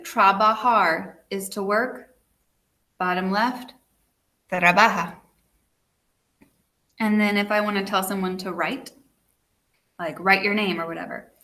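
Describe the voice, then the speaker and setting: Woman, teacher, recorded video lesson, chatty, checks in often, bright voice. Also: medium pitch, fairly even intonation, a little slow, long pauses. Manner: chatty, checks in with frequent "okay".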